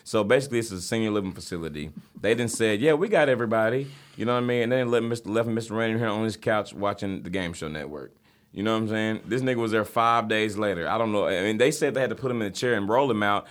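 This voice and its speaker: A man with a fairly low voice, hosting a casual talk show. He tells stories in a loose, easygoing way and breaks into laughter readily. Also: quick pace. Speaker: host. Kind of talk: casual podcast chat.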